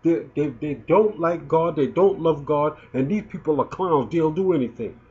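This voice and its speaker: Warm and animated, this man's voice sits on the high side and moves at a moderate pace. He's a video blogger in his fifties, indignantly commenting with emotion and stumbling over repeated words, captured in a dull lo-fi recording.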